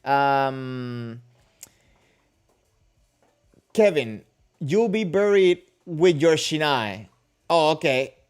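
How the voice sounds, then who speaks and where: A man's voice: fairly high pitch, animated, slow pace, clean tone. A man hosting a casual livestream, answering viewer comments and questions in a rambling, joking way with many restarts. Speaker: kendo livestream host.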